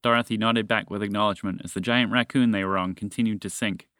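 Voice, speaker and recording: A man narrating a children's story in a gentle storybook manner, lifting his voice for the characters. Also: steady tone, fast talker, clean tone, dry recording, clean studio sound. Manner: gentle storybook reading, raising his pitch for characters' lines.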